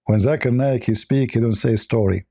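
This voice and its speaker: A man's voice: medium pitch, normal speed, mellow, no room sound, clean studio sound. A man hosting a stream, speaking as an in a sarcastic, mocking commentary style. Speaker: livestream host.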